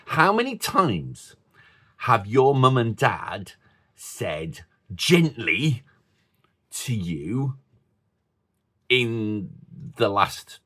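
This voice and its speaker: A man preaching a sermon to a congregation with children, in a slow, thoughtful, conversational way with playful asides. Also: medium pitch, very animated, pushed and bright. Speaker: pastor.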